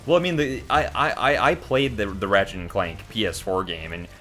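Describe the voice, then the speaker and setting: In a lowish, sharp-toned voice at a moderate pace, a young man co-hosting a gaming channel trades casual banter with a friend over a video game. His talk is rambling and stop-start, with many fillers and restarts.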